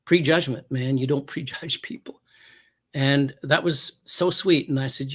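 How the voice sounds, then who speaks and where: A man's voice: medium pitch, steady tone, a little slow, fairly bright tone, slightly rough. A former police officer telling a personal story as a talk show guest, acting out the quoted lines with big jumps in his voice.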